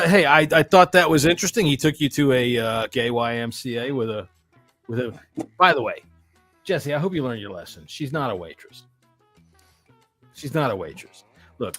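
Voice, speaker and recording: A middle-aged man hosts a podcast, joking and swearing in loose banter and laughing between lines. His voice is mid-pitched and the sound is dry and close, with faint music under it. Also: a bit bright, no room sound. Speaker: podcast host. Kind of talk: casual chat.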